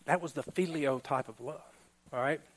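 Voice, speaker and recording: A man pastor giving a relaxed, conversational sermon, laughing now and then and often checking in with the congregation. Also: fairly high pitch, normal speed. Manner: chatty, laughing, keeps asking "all right?".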